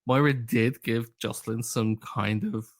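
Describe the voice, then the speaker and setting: A man's voice: medium pitch, steady tone, unhurried. Playful guy cohost, mid voice, teasing, keeps restarting sentences. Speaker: podcast co-host. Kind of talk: casual chat.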